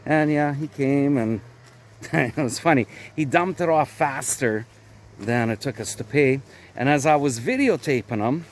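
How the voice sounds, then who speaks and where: A man from Canada with a Canadian accent, talking through his day in a casual, rambling vlog outdoors at his garden plot. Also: mid-range voice. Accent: Canadian English. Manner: chatty, rambling explanations. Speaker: vlogger.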